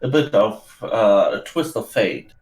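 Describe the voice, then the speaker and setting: A man playing in a tabletop role-play, talking in character with hesitant, halting phrasing and frequent restarts. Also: fairly low pitch, a crowd in the background. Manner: hesitant, many fillers and restarts. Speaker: player. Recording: roomy echo.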